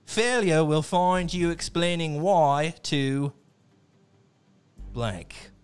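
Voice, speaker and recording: A man's voice: a little high, extremely slow, smooth, soft background music. A man doing a stern imperial officer in a mock foreign accent, reading quotes theatrically. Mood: menacing. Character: stern menacing imperial officer, male, adult.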